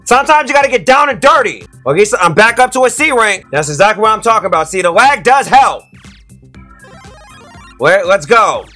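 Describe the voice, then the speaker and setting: Slangy gamer guy, high voice that jumps all over, super bright, chatting to his viewers. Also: brisk, soft background music. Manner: excitable, slangy, talks to viewers. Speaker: YouTube gamer. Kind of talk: let's-play commentary.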